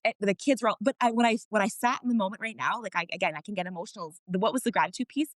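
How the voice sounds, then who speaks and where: Podcast guest, woman, middle pitch, candid storyteller, dry close sound. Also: racing, few pauses, dry recording. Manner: emotional storytelling, frank with mild swearing. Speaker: podcast guest, wellness practitioner. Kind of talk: casual interview chat.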